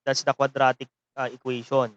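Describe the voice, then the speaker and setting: A man's voice: medium pitch, little pitch movement, normal speed, fairly bright tone, highs cut off. A man with a Filipino accent lecturing an online seminary math class, rambling and tagging phrases with a questioning "no?". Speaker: seminary mathematics teacher.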